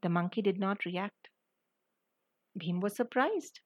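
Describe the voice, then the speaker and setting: A woman telling a story, explaining slowly and speaking directly to the listener. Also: medium pitch, no room sound. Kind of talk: storytelling narration.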